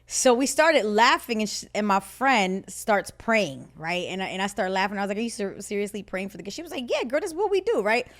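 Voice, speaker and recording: Speaking briskly with few pauses, this woman has a mid-range voice. She co-hosts a podcast and shares a personal story in relaxed conversation, laughing a lot and animatedly performing the lines she and other people said, her own quotes included.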